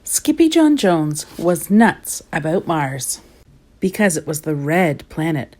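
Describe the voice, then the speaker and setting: A woman reading a children's picture book aloud, giving the characters lively voices. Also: a little slow. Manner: lively, voices the characters with big pitch jumps. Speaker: storybook reader.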